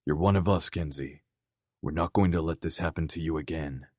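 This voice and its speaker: A male narrator playing a gruff, blunt man giving steady advice. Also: rumbling low, fairly quick, no echo, studio quality. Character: gruff, blunt older brother.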